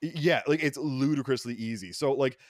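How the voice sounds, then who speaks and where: A young Irish man telling stories in casual podcast chat, rambling and swearing, with lots of fillers and loud outbursts. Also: medium pitch, brisk, dry recording. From Ireland. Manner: profane, rambling, many fillers and restarts, loud bursts when excited. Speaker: podcast co-host.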